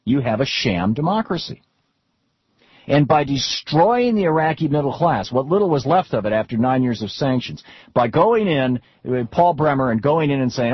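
A man's voice: medium pitch, lively intonation, moderate pace, breathy edge, no echo. A middle-aged man talking politics off the cuff, rambling with frequent restarts and repeated words as he tells stories to make his point. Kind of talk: unscripted political talk with anecdotes. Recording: dull lo-fi recording.

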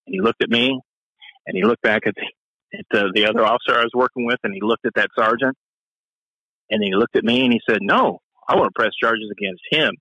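A man, a former police officer and Marine, telling a profane story in an animated way and acting out the voices he quotes. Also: husky, no room sound, poor audio. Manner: profane, acts out quoted voices with sharp pitch jumps.

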